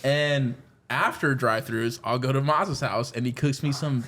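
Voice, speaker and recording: A man's voice: medium pitch, fairly even intonation, moderate pace, a bit bright, a little hiss or hum. Joking man pushing to be heard. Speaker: podcast guest, driving instructor. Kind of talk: casual podcast chat.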